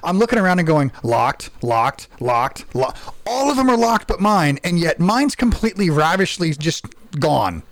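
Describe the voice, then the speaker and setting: Guy on a gaming podcast, high-ish voice swinging all over, cussing and laughing through his stories, dry mic. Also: fairly quick, hardly any pauses, no echo. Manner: animated, profane storytelling with lots of restarts. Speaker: podcast co-host and streamer. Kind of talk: casual podcast chat.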